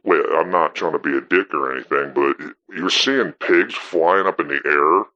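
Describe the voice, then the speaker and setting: A man's voice: a bass voice, normal speed, pushed and bright. A man playing a skeptical radio caller who dismisses the farmer bluntly and swears casually. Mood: scoffing. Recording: dull, muffled audio.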